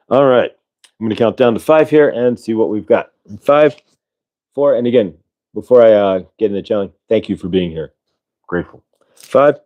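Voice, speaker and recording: A man calmly guiding listeners to center themselves before a live spiritual channeling. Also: mid-range voice. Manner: slow, calm and soothing. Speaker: channeler and host.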